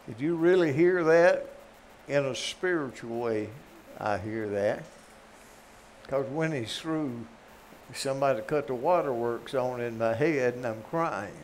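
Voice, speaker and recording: A man's voice: medium pitch, unhurried, darkish tone, slight background noise. An older man with a Southern US accent preaching a folksy, joking sermon with emphatic peaks.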